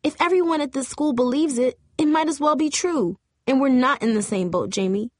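A woman's voice: fairly quick, no room sound, clean studio sound, lightly acted. Woman voicing a hurt teenage girl, Angel. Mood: upset. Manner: shaky, raised pitch. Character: tearful teenage girl cheerleader, bitter and hurt. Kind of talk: audiobook character voice.

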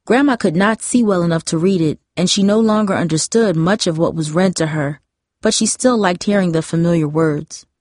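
A woman reads a story aloud in a steady, measured way. Her voice sits on the lower side, and the recording is dry and close. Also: no room sound. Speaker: narrator. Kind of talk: storybook narration.

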